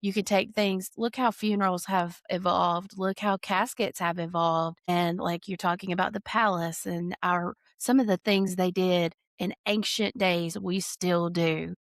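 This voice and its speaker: A woman's voice: fairly low pitch, fairly even intonation, measured pace, hardly any pauses, no room sound, clean studio sound. A woman hosting a conversational interview, who speaks in an earnest, reflective way and often rephrases mid-sentence. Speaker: podcast host and hospice doula.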